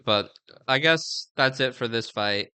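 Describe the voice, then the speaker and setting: A man's voice: mid-range voice, measured pace, sharp tone, smooth, no room sound. A man giving a casual, rambling fight breakdown, full of fillers and slang. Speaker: MMA fight previewer.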